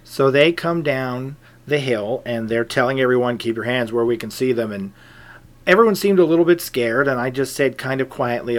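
A middle-aged man calmly telling a personal story in a measured, conversational way, dropping into soft asides. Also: medium pitch. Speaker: pagan group leader telling a personal story. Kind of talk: casual spoken anecdote.

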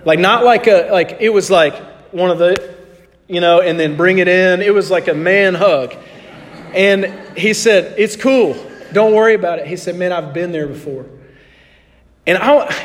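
A middle-aged man preaching a sermon, telling a personal story in an animated way and acting out both sides of the dialogue. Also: high voice. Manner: animated anecdote, acting out dialogue, drops to soft tones. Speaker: pastor. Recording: long hall reverb.

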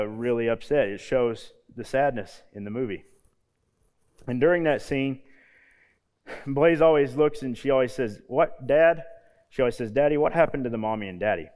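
Man preaching in a reverberant church hall. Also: smooth. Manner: casual storytelling, drops soft and low on key points. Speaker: youth pastor. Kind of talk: sermon.

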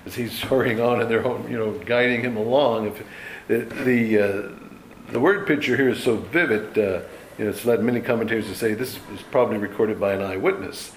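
Male Bible teacher, lower register, conversational and unpolished delivery; roomy, echoing recording. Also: a little fast, a little hiss or hum. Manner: conversational, loose, frequent "you know" asides. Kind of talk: informal Bible study teaching.

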